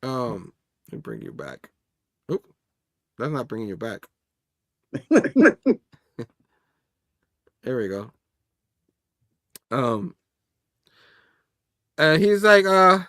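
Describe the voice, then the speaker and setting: A man's voice: medium pitch, very animated, extremely slow, pauses often, pushed and bright, dry recording, studio quality. A man hosting a casual comic book review show, rambling and laughing as he reads panels aloud. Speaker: host.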